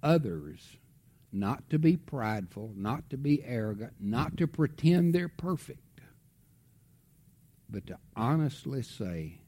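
A middle-aged man preaching, telling a family story with lively swings from loud outbursts to hushed tones. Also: medium pitch, slow pace. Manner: animated storytelling, drops to a hush for tender moments. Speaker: pastor. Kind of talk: sermon storytelling.

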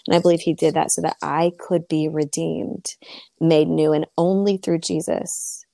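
Earnest woman with a gravelly voice. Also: low voice, flat delivery, normal speed, warm tone, no room sound. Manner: earnest, tearful, preaching tone. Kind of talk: faith podcast conversation.

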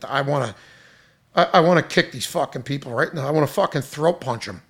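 A man who runs a restaurant, angrily venting in a loud, profane, exasperated rant. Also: fairly high pitch, animated, a little fast.

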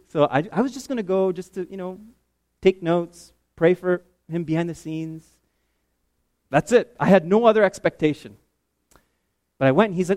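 A man from Canada preaching a testimony sermon, telling his story with animated, rising excitement. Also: moderate pace, long pauses. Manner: animated storytelling, climbs high and loud when excited.

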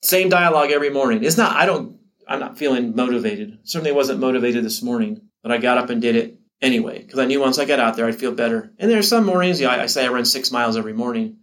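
A man's voice: medium pitch, fast, fairly bright tone. Middle-aged man, teacher, conversational advice talk, mid-range voice, restarts and self-quoting asides. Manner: conversational, repeats words and restarts, acts out his own inner dialogue. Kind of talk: casual motivational talk to camera.

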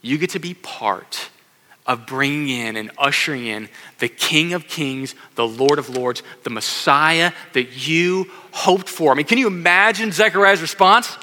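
A pastor delivers a sermon in a bright, forceful, somewhat high voice, unhurried yet animated, acting out quoted voices and speaking directly to the kids in the audience. A long reverb fills the large church sanctuary.

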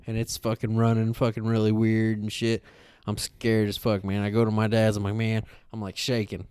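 A man spins a long, rambling story in casual podcast chat. His voice sits low and sounds smooth and resonant, recorded close and dry. He swears freely and keeps stopping to say "like". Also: brisk, no room sound. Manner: animated storytelling, heavy swearing, frequent fillers. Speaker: podcast co-host.

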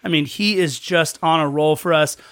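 High-voiced chatty podcast guy. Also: normal speed, fairly bright tone, dry recording, clean studio sound. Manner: chatty, play-by-play storytelling. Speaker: podcast co-host. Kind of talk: casual match recap.

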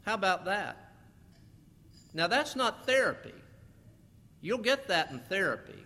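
A man preaching a sermon as pastor, animated, slowing down for scripture and putting questions to the congregation. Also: high-pitched. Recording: long reverb of a large hall.

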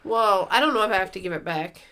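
A woman's voice: mid-range voice, fast talker, crowd noise. A woman co-hosting a podcast in casual chat, giggly and self-deprecating. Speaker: podcast co-host.

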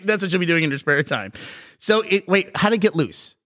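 Animated, joking podcast host man. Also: high-pitched, brisk. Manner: animated, joking, laughs often, swears casually. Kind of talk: casual chat.

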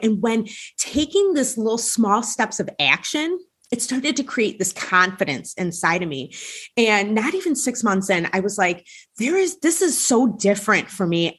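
A woman's voice: mid-range voice, a bit bright, husky. A woman hosting a podcast, telling a personal story in a candid, conversational way with many casual fillers. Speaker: podcast host.

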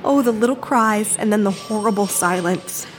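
A shaky, quiet, pleading voice of a grieving woman who has snatched a baby, as an actress plays her in an audio drama. She speaks at a middling pitch for a woman, unsteady and hushed. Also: moderate pace, music in the background, close to an everyday voice. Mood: distraught confession.

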